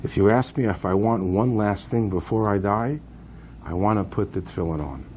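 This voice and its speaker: A devout prisoner speaks with solemn conviction, voiced by a male storyteller. His low, mellow tone stays firm and unbending. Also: normal speed, a little hiss or hum, lightly acted. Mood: earnest.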